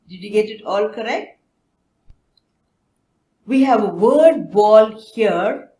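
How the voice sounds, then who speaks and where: Slow-paced woman teacher, echoey room. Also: medium pitch, animated, mellow. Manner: slow, drawn-out words for repeating. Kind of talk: phonics lesson for young children. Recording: echoey room with faint noise.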